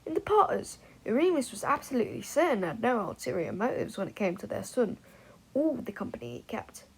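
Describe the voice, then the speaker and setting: A woman narrating a fan fiction audiobook in an expressive, animated way. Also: on the high side, a little fast, vocal fry, husky, poor audio.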